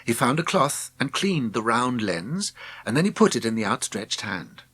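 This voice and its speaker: Man reading a storybook aloud, husky voice, lively melody, dry close sound. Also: mid-range voice, moderate pace. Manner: expressive, gentle storytelling. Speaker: audiobook narrator. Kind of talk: storybook narration.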